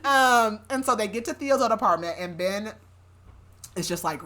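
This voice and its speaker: A young adult woman on a podcast, recapping a novel in casual chat, chatty and quick to laugh, leaning on "like" constantly. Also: medium pitch, fairly bright tone. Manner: chatty, laughing often, heavy use of "like".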